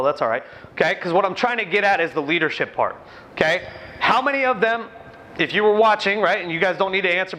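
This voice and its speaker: A man running a basketball coaching clinic in a gym, giving brisk, commanding drill instructions to players and explaining the ideas to coaches. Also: high-pitched, bright, forceful tone. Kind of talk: on-court coaching demonstration. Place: indoor gym.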